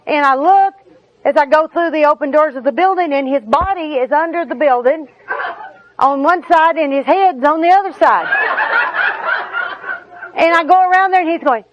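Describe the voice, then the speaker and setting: A woman's voice: sits high, moderate pace, a crowd in the background, background noise. A middle-aged woman telling folksy, humorous personal stories at a recovery meeting, often laughing as she talks. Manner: folksy, laughing through her own stories. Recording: dull lo-fi recording with audience.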